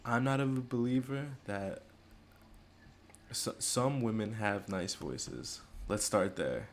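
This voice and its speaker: A man's voice: lowish voice, takes it slowly, a little hiss or hum. A man hosting a casual podcast chat, talking in a loose, rambling way and laughing often. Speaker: podcast host.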